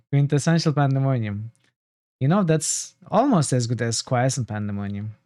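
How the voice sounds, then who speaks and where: A man's voice: medium pitch, expressive, normal speed, darkish tone, no echo, studio quality. A man streaming a role-playing game, thinking aloud and repeating himself as he checks items and maps. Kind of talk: casual gameplay commentary.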